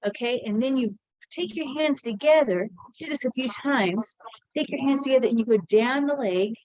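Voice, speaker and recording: A woman with a high, slightly mellow voice and normal pace teaches an energy routine, talking through every move while a bit short of breath. She's chatty and encouraging; the casual demo has no echo and rough audio quality.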